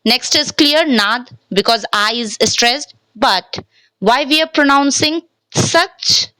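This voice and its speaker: A woman's voice: high voice, takes it slowly, bright, forceful tone, no room sound, rough recording. A woman teaching a language lesson from slides, speaking patiently, repeating words and checking in with "okay?", and switching between English and Hindi.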